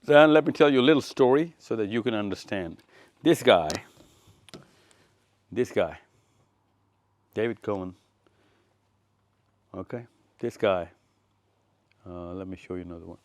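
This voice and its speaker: A man whose voice is on the low side lectures at a measured pace with frequent pauses, recorded dry. He's a touring speaker presenting slides to an audience in an event room, repeating phrases and quizzing people by name.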